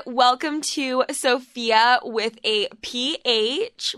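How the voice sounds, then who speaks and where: A young woman hosting a podcast, playful and quick, teasing her guest and swearing casually. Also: a little high, animated, bright, forceful tone, dry recording, clean studio sound. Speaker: podcast host. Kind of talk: casual chat and ad read.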